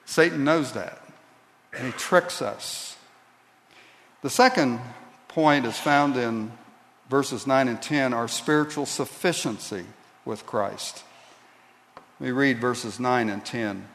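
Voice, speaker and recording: A man preaching a sermon as pastor, slow and deliberate, building to emphatic peaks. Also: medium pitch, expressive, fairly bright tone. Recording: long reverb of a large hall.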